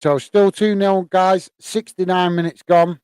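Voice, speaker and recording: This UK host of a live football watch-along chats with viewers and reads out their comments, laughing often, peppering speech with "uh", and addressing people as "mate". He speaks high-pitched and level at a measured pace, with a darkish, clean tone and no room sound.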